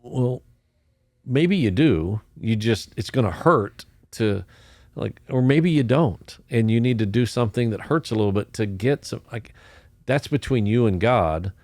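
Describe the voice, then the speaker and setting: A man's voice: mid-range voice, expressive, unhurried, a little mellow, no room sound. A man in casual conversation on a church podcast, speaking in an affirming, preachy way about obedience.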